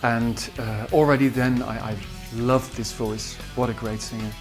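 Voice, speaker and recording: He has a medium-pitched voice with fairly even intonation and a measured pace. A Dutch-accented composer from the Netherlands, he recalls his singers during an interview, stumbling through many fillers and restarts over faint guitar music.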